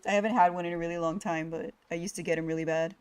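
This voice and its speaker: A woman's voice: fairly low pitch, very fast, smooth. A young woman streamer reading a visual novel game aloud, voicing its story with feeling and chatting between lines. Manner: expressive, voicing the inner monologue with rising panic.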